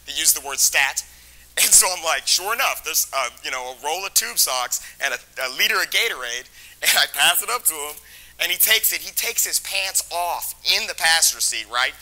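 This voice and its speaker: A man's voice: fairly high pitch, expressive, brisk, sharp tone, rough recording. A man telling a comedic true story in loose, casual phrasing, laughing between phrases. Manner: loose casual phrasing with lots of "like" and "you know".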